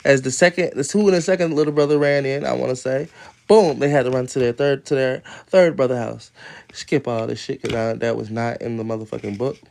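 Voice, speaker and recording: A man's voice: mid-range voice, fairly quick, gravelly, darkish tone. A man on a casual phone livestream reading a children's story at home, breaking off into rambling, profane asides and laughter. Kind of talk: casual livestream read-aloud with commentary. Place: at home, moving from outdoors to his room.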